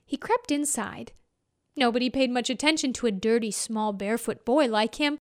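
A woman telling a folk tale expressively, voicing sound effects and dropping to hushed whispers. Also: on the high side, moderate pace. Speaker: storyteller.

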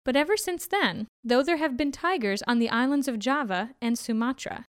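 Woman storyteller, higher voice, clean dry read. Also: lively intonation, dry recording. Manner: gentle, measured narration.

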